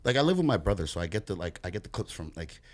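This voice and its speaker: A young man from New York, a podcast guest, talking in an animated, slangy way and swearing freely. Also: low-pitched, racing. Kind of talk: casual chat.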